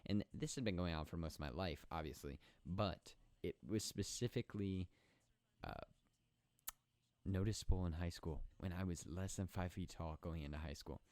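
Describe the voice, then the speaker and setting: A man's voice: low voice, normal speed, a little mellow, dry recording. A young man hosting a casual solo podcast, rambling and joking about himself, with lots of restarts, talking into a podcast microphone at home. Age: young adult. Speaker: podcast host. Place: indoor room at home at night.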